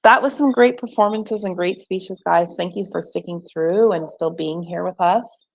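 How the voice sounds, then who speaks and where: Chatty woman host for a casual livestream, a bit low-pitched, dry and close. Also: vocal fry, dry recording. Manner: chatty, reads numbers out slowly. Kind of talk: casual chat.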